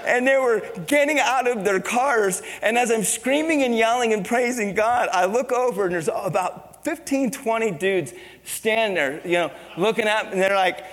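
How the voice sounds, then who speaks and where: A middle-aged man preaching a sermon as a pastor, telling a story with lively energy and breaking into shouts. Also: sits high, moderate pace. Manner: animated storytelling, bursts into shouting. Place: church sanctuary. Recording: long reverb of a church hall.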